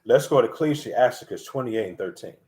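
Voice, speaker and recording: A lay preacher delivers an informal sermon against a noisy background, his medium-pitched voice animated and brisk. Scolding and emphatic, he repeats himself and swears freely while lecturing his listeners.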